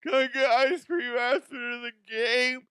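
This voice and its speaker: A childish, squealing grown athlete who whines like a hurt little kid, as a man puts him on. The voice jumps up high and loud in a thin, babyish wail. It is recorded dry and close. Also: a little slow, clean tone, dry recording. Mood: whining. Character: whiny grown man playing basketball star, childish.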